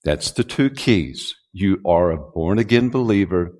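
A male pastor preaching a sermon, who builds to loud call-and-response and draws out key words. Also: low voice, expressive, unhurried, few pauses. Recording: long hall reverb.

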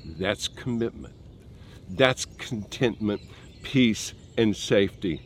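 A man preaching a sermon in a slow, earnest way, dropping soft and low and then rising for emphasis. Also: expressive, slight background noise.

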